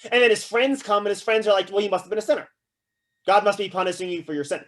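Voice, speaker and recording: High-voiced casual man lecturing. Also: fast. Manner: casual, animated, frequent "right?" and "like"; acts out quoted voices with humor. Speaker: philosophy lecturer. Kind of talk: classroom lecture.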